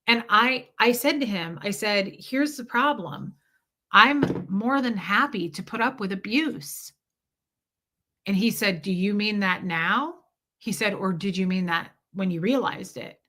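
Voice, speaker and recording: A woman in her thirties speaks to her viewers in a bright, somewhat forceful voice. She rambles through a candid retelling of a conversation, circling back on herself as she goes. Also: medium pitch. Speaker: vlogger. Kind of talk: casual storytelling to viewers.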